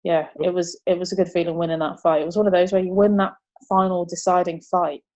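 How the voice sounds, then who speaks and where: A young woman, chatting as an interview guest, upbeat and quick to laugh. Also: fairly low pitch, little pitch movement, darkish tone, highs cut off. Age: 20s. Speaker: martial arts competitor, interview guest. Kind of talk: casual interview chat.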